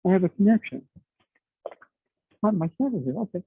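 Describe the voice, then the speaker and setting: A man's voice: sits high, lively intonation, brisk, gravelly, breathy edge. A middle-aged man teaching a martial arts class, explaining chattily with lots of "okay" and "you know.". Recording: dry, tinny phone-like sound.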